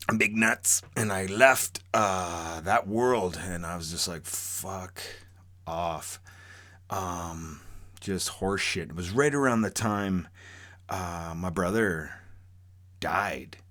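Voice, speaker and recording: Low-voiced rambling man. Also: slow pace, bright, forceful tone. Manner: rambling and profane, many fillers and restarts. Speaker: storyteller. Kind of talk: casual spoken true story.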